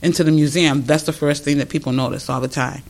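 Older man, gravelly, fairly high voice, rambling anecdotes, interview guest. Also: quick pace. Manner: rambling, animated storytelling with frequent restarts. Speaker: museum founder. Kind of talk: conversational interview.

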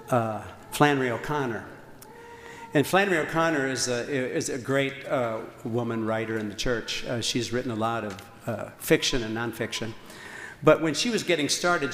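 A man's voice: mid-range voice, a little hiss or hum. A man, a priest, preaching a sermon with earnest emphasis and repeated phrases, now and then stumbling over fillers. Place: large church. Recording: echoey church hall, faint ambience.

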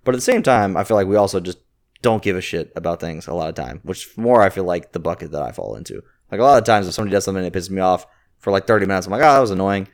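A man's voice: deep voice, very fast. A man co-hosting a casual podcast chat, rambling through his thoughts with a lot of "like". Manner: rambling, heavy use of filler "like". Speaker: podcast co-host.

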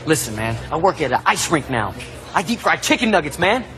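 A man playing a bitter, deadpan washed-up star who grumbles and curses in a sullen way. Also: on the high side, a little fast, soft background music.

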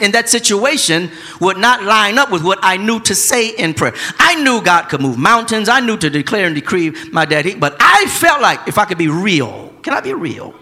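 A male pastor, preaching a sermon that swings from quiet, close talk to shouting. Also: a little high, big-room sound.

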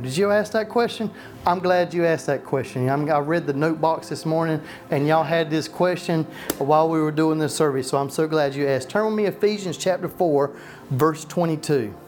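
A male pastor with a slightly high, darkish voice preaches passionately in a church, firing off rhetorical questions and frequently restarting his sentences.

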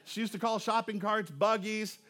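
A man preaching a sermon, his voice sitting noticeably high for a man. He keeps it loose and conversational, cracking jokes and often restarting his sentences with repeated words. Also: moderate pace, bright, forceful tone, a little hiss or hum. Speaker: pastor. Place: church auditorium.

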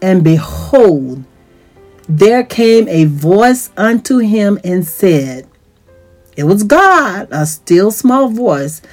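A woman teaching from the Bible at an unhurried pace, reading the verses aloud and then retelling them simply. Her pitch lifts whenever she grows excited. Faint music plays quietly beneath her voice. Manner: reads scripture aloud then retells it in plain words; voice rises in pitch when excited. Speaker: teacher of a church series.

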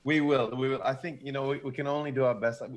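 A man's voice: mid-range voice, fairly even intonation, fast. A man co-hosting a gaming podcast, easygoing and wry in casual chat. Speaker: podcast co-host. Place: home, streamed online.

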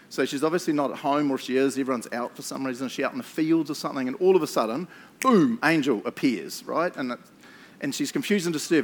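A middle-aged man giving a sermon as pastor, casual and chatty, often checking in with tag questions. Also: medium pitch.

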